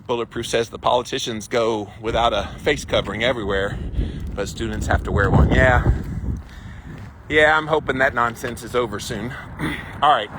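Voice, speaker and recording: Walking outdoors, the host of a weekly walk-and-talk live stream speaks at normal speed in a medium-pitched voice. He reads viewer comments and offers his views in a chatty, opinionated way, stretching phrases for emphasis over outdoor noise.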